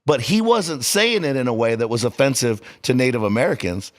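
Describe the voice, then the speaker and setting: A man co-hosting a podcast in casual chat, telling stories animatedly, with his pitch rising and dropping sharply. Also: fairly quick. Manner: animated storyteller, swinging pitch. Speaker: podcast co-host.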